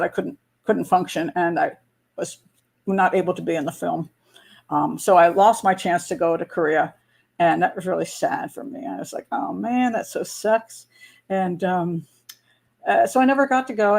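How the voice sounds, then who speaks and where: A woman's voice: lowish voice, gravelly. An older American woman hosting a live patron hangout, chatting casually, laughing often and rambling through restarts. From United States. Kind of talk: casual live-stream chat.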